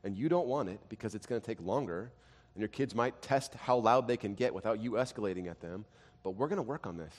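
A man in his thirties preaching a sermon, telling family stories, dropping to quiet and rising to loud. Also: fairly low pitch, quick pace. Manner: animated storytelling, swings from quiet to loud. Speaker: pastor. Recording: long hall reverb.

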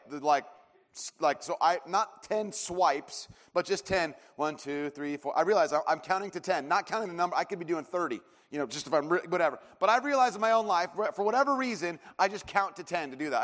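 A man's voice: a little high, a bit bright. A man in his thirties preaching a sermon, telling a story in a rambling way with lots of fillers and restarts. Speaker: pastor. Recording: long hall reverb.

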